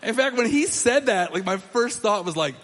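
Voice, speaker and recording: Animated stand-up comic man, higher voice. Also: moderate pace, in a large hall, slight background noise. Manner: animated, laughing at his own jokes, voices other people. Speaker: comedian. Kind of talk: stand-up storytelling. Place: comedy club stage before a laughing audience.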